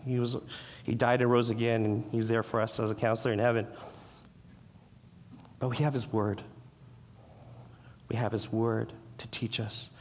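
Male pastor, middle-pitched, earnest sermon delivery with restarts, recorded with long church-hall reverb. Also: little pitch movement, moderate pace, pauses often, darkish tone. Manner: earnest, repeats and restarts words, acts out quoted voices.

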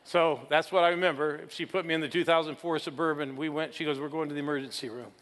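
A pastor in his sixties preaches with a slightly high voice, telling his story and teasing the congregation along the way. His words ring out with a long reverb from a large hall. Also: steady tone, fast talker, a bit bright. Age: 60s. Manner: storytelling, playful with the audience. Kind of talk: sermon.

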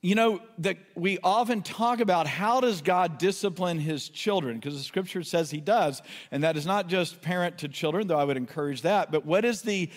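Guy preaching a sermon, pretty high voice, fired up and pleading, big echoey hall. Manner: impassioned preaching, pleading and exclaiming. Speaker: pastor.

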